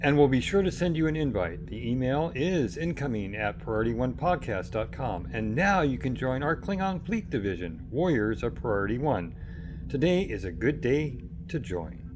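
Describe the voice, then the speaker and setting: A man's voice: medium pitch, background noise. Man reading a fleet recruitment promo. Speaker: podcast co-host.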